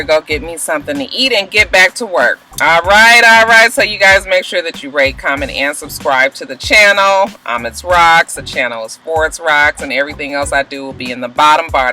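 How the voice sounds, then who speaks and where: A woman vlogger, recapping a reality show in an animated, profane way and acting out the people in it. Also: on the low side, low-quality recording. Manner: animated, profane, acts out every character. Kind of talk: casual recap with acted-out quotes.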